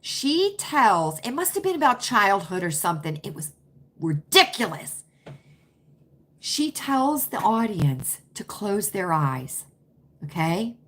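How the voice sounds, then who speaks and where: A livestream host with a mid-range, slightly bright, sing-song voice takes her time as she casually chats and answers viewer comments, emphatic, repetitive and opinionated throughout.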